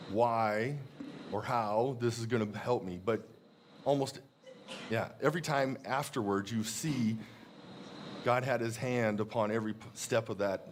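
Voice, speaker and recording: A man preaching a sermon in a church, earnest and reflective, slowing down to read scripture verses aloud. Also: on the low side, slight background noise. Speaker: pastor.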